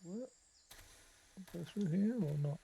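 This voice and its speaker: A man's voice: high voice, animated, slow, vocal fry, warm tone, a little hiss or hum, poor audio. A man streaming a game, musing wryly to himself in casual commentary. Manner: wry, musing, talks to himself while exploring. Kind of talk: casual let's-play commentary.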